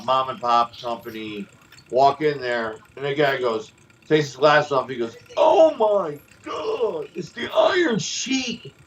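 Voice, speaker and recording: A man and former pro wrestler, co-hosting a show and telling stories in a casual, animated way, acting out other people's voices. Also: medium pitch, far from the mic, muffled recording. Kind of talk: casual storytelling.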